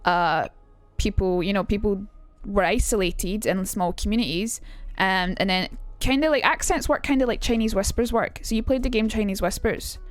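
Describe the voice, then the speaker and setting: A woman's voice: mid-range voice, normal speed, few pauses, no echo. Chatty sweary Glaswegian woman. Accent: Glaswegian Scottish. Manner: chatty, sweary, reads out chat. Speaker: streamer. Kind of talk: casual live-stream teaching.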